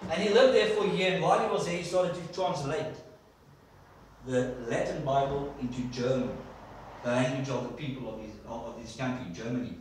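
A man's voice: mid-range voice, brisk, slight background noise. A man preaching a sermon in a church, telling stories and asking the congregation questions. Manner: storytelling, asks the congregation questions. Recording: echoey church hall from far off.

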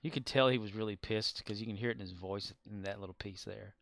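A man's voice: lowish voice, fast talker, vocal fry, fairly bright tone, dry recording. A man streaming a game live, chatting casually and playfully mimicking voices. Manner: playful, imitating voices, laughing.

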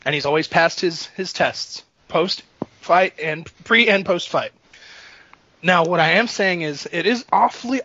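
Male podcast co-host, tense bright voice, dry close mic, animated. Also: a little high, no room sound. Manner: animated, laughing often, jokey. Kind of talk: casual sports chat. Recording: dull lo-fi dry sound.

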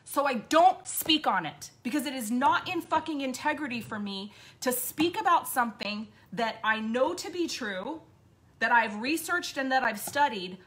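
A woman's voice: fairly high pitch, fairly bright tone. A woman host giving an impassioned, blunt monologue, swearing often and repeating points for emphasis. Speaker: podcast host.

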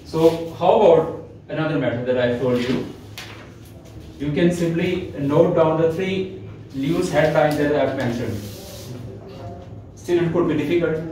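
A man's voice: a little high, unhurried, pauses often, warm tone, a little hiss or hum. Male English tutor in an echoey room. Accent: Pakistani English. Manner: explanatory, frequent "uh" fillers, repeats key words for emphasis. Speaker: IELTS instructor. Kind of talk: classroom lecture. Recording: echoey room, mic far from speaker.

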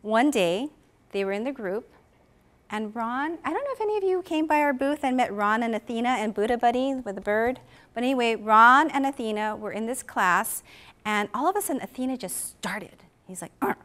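Animated woman telling a story at a conference. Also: a little high, moderate pace. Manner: animated storyteller who acts out the people she quotes; asks the audience questions. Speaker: conference presenter for an animal welfare education program.

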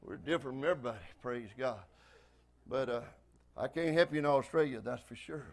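Gravelly Southern preacher man. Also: medium pitch, brisk. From Texas. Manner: folksy, emphatic preaching with frequent praise-God interjections. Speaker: pastor. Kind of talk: sermon.

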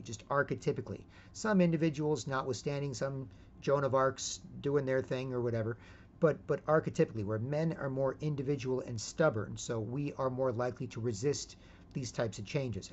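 A man's voice: medium pitch, a little mellow, slight background noise. Rambling man, muffled lo-fi sound. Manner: rambling, repeats words and asks 'right?' often, switches into put-on quotes. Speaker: vlogger. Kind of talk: rambling monologue.

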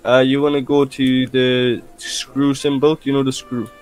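A man's voice: mid-range voice, level tone, normal speed, a little mellow. A young man, joking around and giving game instructions to his father during casual play. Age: young adult. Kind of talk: casual gaming chat.

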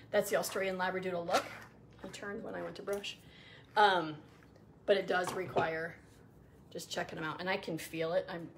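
A middle-aged woman talks casually as she grooms her dog, rambling with lots of ums and false starts. Her voice sits at an ordinary pitch, and she breaks off now and then to coo softly at the dog. A faint hiss hangs behind her. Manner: rambling, chatty, many ums and restarts; soft cooing asides to the dog. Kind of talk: casual livestream chat while grooming.

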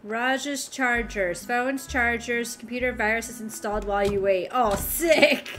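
A woman's voice: a little high, measured pace, fairly bright tone. A woman streaming a video game, commenting playfully, giggling and reading signs aloud. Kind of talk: live gameplay commentary. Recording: game music playing behind the voice.

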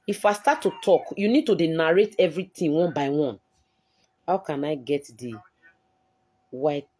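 Her low-pitched voice is a little mellow and slightly rough as she talks emotionally on a live stream. Speaking with a Nigerian Pidgin English accent, she sounds aggrieved and defensive while replying to viewers.

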